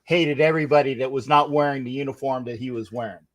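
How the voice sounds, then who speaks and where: A man hosting a casual interview show, chatting with his guest in a halting way, full of restarts. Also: medium pitch. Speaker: show host.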